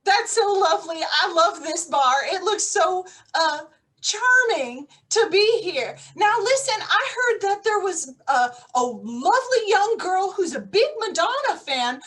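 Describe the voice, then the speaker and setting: A disguised spy, played by a woman badly posing as an American pop star. She pitches her voice up high and pushes it loud and eager. It is improvised comedy, over-insistent and a little frantic. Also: sing-song, a little slow, heavily acted. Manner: overly bright, insisting, nervous laughter.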